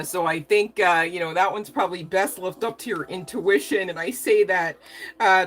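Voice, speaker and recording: A woman giving a live tarot reading, talking casually, laughing often and swearing in a cheeky way. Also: lowish voice. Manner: swears casually, uses slang. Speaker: tarot reader.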